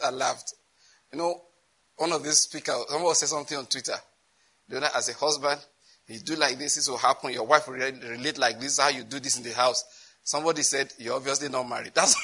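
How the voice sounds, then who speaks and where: Bright-voiced man preaching, laughing often. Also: mid-range voice, fairly even intonation, fast, slightly rough, low-quality recording. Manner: laughs often while preaching, chatty asides. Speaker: pastor. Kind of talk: sermon.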